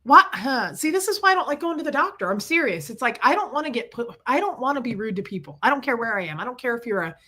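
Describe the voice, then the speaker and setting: A woman's voice: fairly high pitch, expressive, rapid-fire, few pauses, sharp tone. A woman chatting on a casual livestream, telling a story, venting frustration and answering viewers by name.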